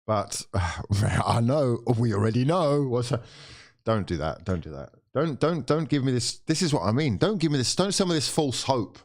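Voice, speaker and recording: A man's voice: medium pitch, expressive, normal speed, hardly any pauses. A man hosting a live football watchalong, reacting with sighs, swearing and mock despair while calling the play. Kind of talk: live match reaction and commentary.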